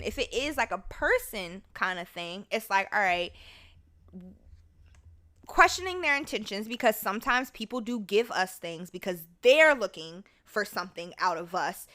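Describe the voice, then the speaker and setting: Hosting a solo podcast, a young adult woman talks in a sharp-toned, mid-range voice. She's chatty and casual, curses often, and now and again bursts into song.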